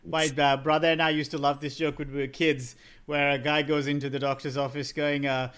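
A man co-hosting a casual chat, easygoing and drawn-out as he sets up a joke. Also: a little high, level tone, fairly bright tone, clean tone.

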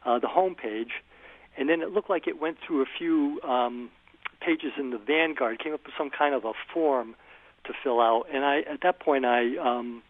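A man calling into a radio show, telling his computer problem step by step with many pauses and fillers. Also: medium pitch. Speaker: caller. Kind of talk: call-in phone question. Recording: tinny phone line.

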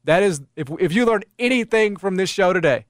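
High-pitched and brisk, this man hosts casual sports radio, spinning animated stories full of filler words. The recording is studio quality with no echo.

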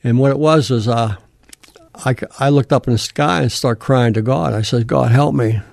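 An older man telling his life story as a podcast guest, plain-spoken and halting, with frequent fillers and restarts. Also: mid-range voice, creaky, dry recording. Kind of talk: personal testimony in casual talk.

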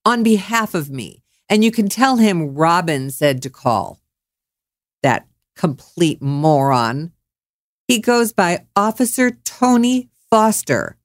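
A woman's voice: fairly low pitch, no echo, studio quality. A woman radio host ranting on air, furious, mocking and swearing freely. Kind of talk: angry on-air rant.

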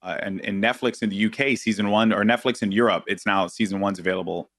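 A man with a New York accent chatting casually as a podcast guest, telling stories and jumping high when he quotes people. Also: quick pace, no room sound. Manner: animated storyteller, jumps high when quoting people. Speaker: guest, esports and TV commentator.

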